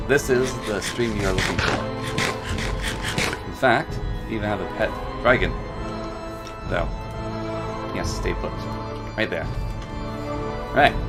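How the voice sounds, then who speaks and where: A man talks through his gameplay stream in a playful, rambling way. His voice sits low with a gravelly fry. Game music plays clearly behind him. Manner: playful, chatty, rambling asides. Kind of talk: casual gameplay commentary. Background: background music and keyboard typing.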